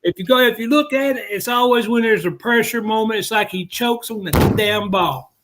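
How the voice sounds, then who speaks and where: A man complaining in an exasperated, rapid-fire way as a sports talk co-host. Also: sits high, noisy background.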